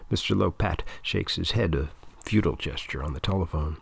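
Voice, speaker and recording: A man reading a story aloud with a steady, even delivery. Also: sits low, a little fast, vocal fry, breathy edge, dry recording. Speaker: narrator. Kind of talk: audiobook narration.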